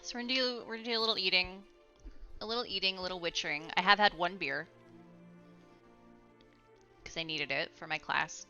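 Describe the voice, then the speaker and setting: Chatty woman with a bright voice. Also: on the low side. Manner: chatty and rambling, quick to laugh. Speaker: streamer. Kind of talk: casual gaming stream chat. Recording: slightly muffled, faint music behind.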